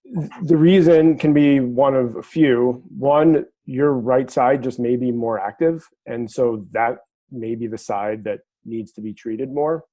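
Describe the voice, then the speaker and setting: Man doctor on a video call, mellow warm voice, careful, lays out reasons one by one. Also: mid-range voice, unhurried, low-quality recording. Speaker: physician. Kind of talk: panel answer.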